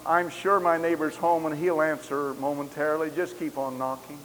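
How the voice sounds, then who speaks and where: Impassioned high-voiced preacher in a reverberant hall. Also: male voice, flat delivery, normal speed, hardly any pauses. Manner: impassioned storytelling, rising to loud exclamations. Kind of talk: camp meeting sermon. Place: large camp meeting hall. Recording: long hall reverb with faint hiss.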